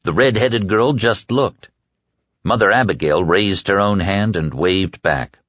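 A man reading a novel as audiobook narration in a measured storytelling manner. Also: lowish voice, a bit bright, no room sound, dull audio. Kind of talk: scripted narration.

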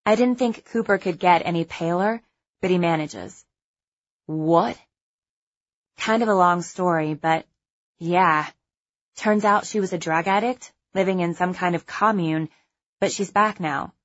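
A young adult woman narrating a first-person audiobook in a measured, wry, conversational way. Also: lowish voice, muffled recording.

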